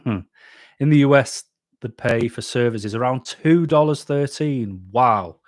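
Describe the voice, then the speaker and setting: A man with a mid-range voice and a measured pace reads live chat comments aloud on his casual YouTube stream, then responds bluntly. He's from England and comes across as chatty. The studio sound is clean, with no room sound.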